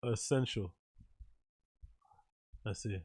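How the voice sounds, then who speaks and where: A man's voice: fairly low pitch, very slow, darkish tone, slightly rough, no room sound. Man, casual reaction commentary, profane and rambling, dry close sound. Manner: profane, rambling, laughs often. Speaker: host reacting to a video.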